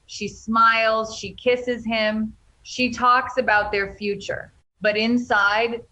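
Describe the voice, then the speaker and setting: A woman giving scripted soap opera spoiler commentary in an excited, dramatic gossiping manner. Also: mid-range voice, low-quality recording.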